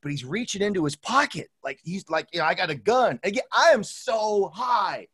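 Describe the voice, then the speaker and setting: Animated, laughing man telling wild stories. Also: sits high, normal speed, breathy edge. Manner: animated, laughs often, swears, acts out voices in stories. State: high. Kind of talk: casual storytelling chat.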